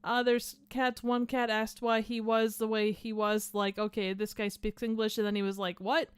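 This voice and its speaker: A woman's voice: fairly high pitch, flat delivery, moderate pace, clear, resonant tone, no echo. A woman hosting a livestream, chatting casually and rambling as she reads out the chat. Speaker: livestream host.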